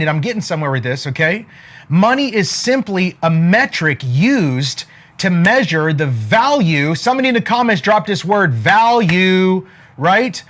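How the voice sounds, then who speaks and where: Fired-up guy with a fairly high voice, repeats stuff, keeps asking the chat for a yes. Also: a bit bright. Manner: emphatic, repeats key lines, asks the chat for replies. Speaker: online money-mindset teacher. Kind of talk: energetic motivational talk to a live chat.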